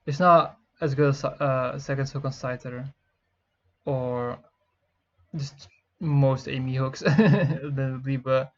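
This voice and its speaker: A young man giving rambling, excitable music reaction commentary, swearing often and filling pauses with "uh" and "like". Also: medium pitch. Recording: dull lo-fi mic with faint music. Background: faint music playing.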